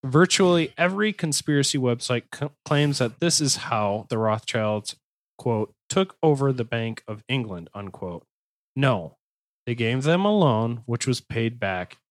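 A man hosting a podcast, talking at an ordinary pitch with an easy, rambling flow. He jokes loosely, then reads from his notes, tripping over words and starting again. The sound is close and dry. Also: lively intonation, measured pace, no echo. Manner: rambling, joking, self-correcting restarts. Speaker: podcast host. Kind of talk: casual podcast chat and reading notes aloud.

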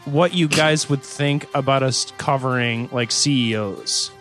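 A man co-hosting a podcast in casual comedic chat, jokey and quick to slip into silly voices. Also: medium pitch, fairly bright tone, soft background music. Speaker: podcast co-host.

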